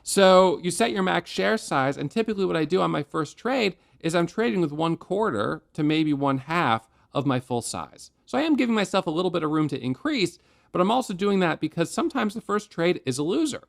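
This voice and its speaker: A man's voice: high voice, expressive, fairly quick, gravelly. A man who teaches day trading, giving a conversational recap of his trades at his desk with analogies and acted self-talk.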